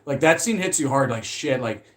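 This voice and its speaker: Rambling, animated man chatting casually. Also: medium pitch, moderate pace. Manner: rambling and animated, swears freely, laughs often. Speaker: movie commentary vlogger. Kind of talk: casual chat.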